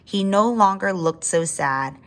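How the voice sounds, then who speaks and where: A woman reading a children's story aloud in a medium voice. She reads expressively, slowing for drama and turning to chat with young listeners. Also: mid-range voice, animated. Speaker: reader.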